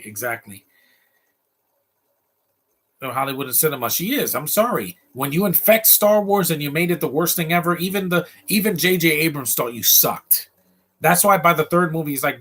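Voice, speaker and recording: A man's voice: a little high, animated, moderate pace, a bit bright, slightly rough. A man giving casual, opinionated live commentary while watching a movie, ranting freely.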